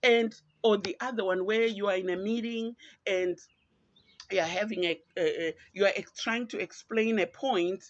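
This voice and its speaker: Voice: medium pitch, steady tone, normal speed. A podcast host from Zimbabwe, with a Zimbabwean accent, giving earnest, reflective and pointed solo commentary. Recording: dull lo-fi, dry.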